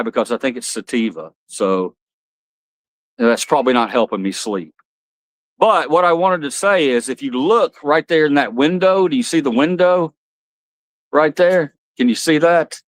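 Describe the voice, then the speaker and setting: A man hosting a casual livestream, rambling, blunt and quick to swear. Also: on the high side, no room sound. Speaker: livestream host.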